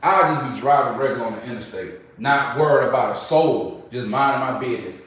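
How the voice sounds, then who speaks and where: A young man with a drawl talks casually to his viewers. His storytelling is loose, slangy and animated. He sits well back from the mic, and a very echoey room rings around his voice. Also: mid-range voice, fairly quick, far from the mic. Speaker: vlogger.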